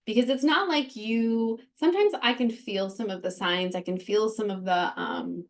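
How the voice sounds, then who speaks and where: A woman's voice: medium pitch, moderate pace. Earnest woman sharing openly. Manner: earnest, open, with frequent fillers and restarts. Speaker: podcast host. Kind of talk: candid personal talk.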